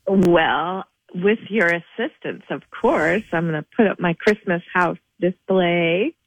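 A woman calling into a radio show over the phone, talking slowly and fondly about holiday decorating. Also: on the low side, no room sound. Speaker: caller, host's wife. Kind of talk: casual phone call on air. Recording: tinny phone line.

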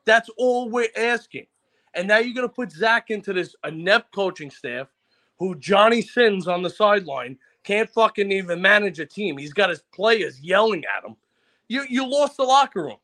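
A man vents about his team in a furious, foul-mouthed rant. His voice sits high and rings bright and forceful. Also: lively intonation. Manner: angry, profane, rapid-fire ranting. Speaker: caller on a sports talk show. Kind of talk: ranting casual chat.

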